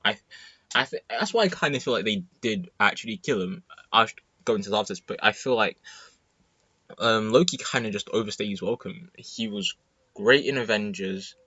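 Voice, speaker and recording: A teenage boy giving an excited, rambling movie review full of fillers and restarts. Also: lowish voice, normal speed, breathy edge, dry recording, dull audio. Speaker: student vlogger. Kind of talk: casual movie review monologue.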